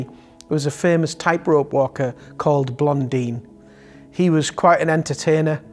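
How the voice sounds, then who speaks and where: A man's voice: a little high, darkish tone. A man giving an earnest, encouraging daily devotional sermon that ends in prayer. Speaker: devotional speaker.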